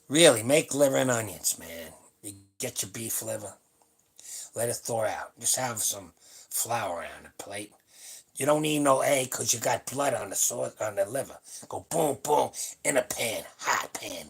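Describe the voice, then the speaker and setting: A man's voice: medium pitch, creaky, fairly bright tone, husky. A man in his seventies, host of a live stream, talking casually in a blunt, rambling and salty way. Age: 70s. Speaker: powerlifting channel host. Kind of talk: casual livestream chat. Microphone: webcam or phone on a live stream.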